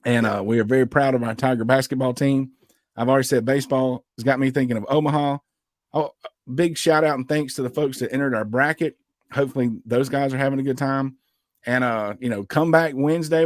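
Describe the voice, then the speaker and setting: A man's voice: mid-range voice, a little mellow, no room sound, clean studio sound. A man co-hosting a casual sports podcast, upbeat and chatty, running through news and show announcements. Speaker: podcast co-host.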